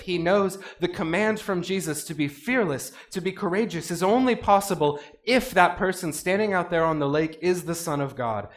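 A man preaching a sermon in an animated way, acting out the voices he quotes. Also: a little high. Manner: animated, acts out quoted voices with rising intensity. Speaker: pastor.

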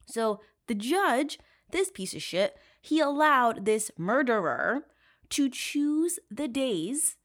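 A woman hosting a true crime podcast, telling the story in casual chat. She is profane and sarcastic, laughs a lot, and swings from loud outrage to low asides. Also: very animated, slow pace. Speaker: podcast host.

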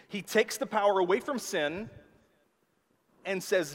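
A man's voice: high-pitched, animated, a little slow, long pauses. A man preaching a sermon with emphatic delivery, often checking in with his listeners. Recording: long hall reverb.

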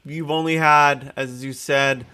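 A man's voice: mid-range voice, fairly even intonation, unhurried, pushed and bright, smooth. A man appearing as a guest on a podcast, chatting in a playful, teasing way. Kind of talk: casual chat.

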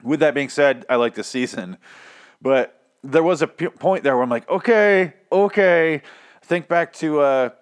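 A man's voice: medium pitch, normal speed. A young man casually recapping a TV episode, rambling, swearing often and stumbling over his words while poking fun at himself. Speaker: TV recap podcaster.

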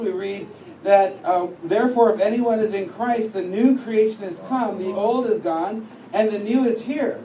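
A man with a high voice preaches a lively sermon, telling his story with humor and acting out the lines of others. He sounds far from the mic in an echoing hall, with clear noise underneath. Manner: storytelling with humor, acts out dialogue. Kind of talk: sermon teaching. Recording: echoey room, distant mic, noisy.

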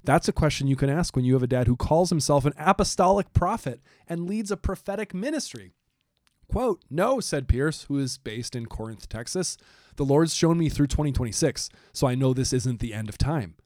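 A man co-hosting a casual podcast, joking with his co-host and reading quotes aloud at a slow pace. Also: fairly high pitch, lively intonation, darkish tone, dry recording, studio quality. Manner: reads quotes aloud slowly, jokey. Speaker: podcast co-host, biblical studies teacher.

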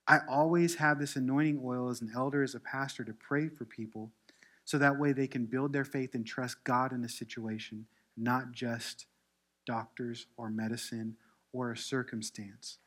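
A man preaching a sermon as pastor, mixing relaxed asides with forceful scripture reading. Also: medium pitch. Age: adult. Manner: reads scripture aloud with rising force; conversational asides with self-deprecating humor.

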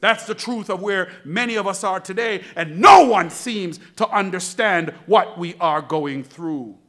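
A man preaching a sermon, building to shouts and dropping to whispers, with slow emphatic repetition. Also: sits high. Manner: dramatic, swings from shouting to near-whispers.

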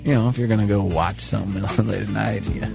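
A man's voice: fairly low pitch, fairly even intonation, fast talker, gravelly, over music. A man hosting a talk show, joking and teasing in casual banter and laughing often. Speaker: radio show host.

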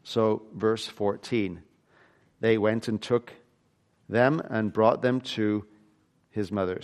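Emphatic male preacher, swinging loud to quiet. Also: on the low side. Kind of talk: sermon.

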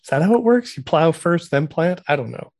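A man's voice: a little high, expressive, a little fast, darkish tone, no room sound. A man from Saskatchewan co-hosting a comedy podcast, playing the wry straight man. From Saskatchewan, Canada. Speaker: podcast co-host. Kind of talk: comedic banter.

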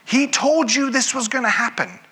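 A man's voice: extremely high pitch, normal speed, bright, forceful tone, husky, pitched above the performer's own voice, full character voice. A man doing an exasperated scolding angel.

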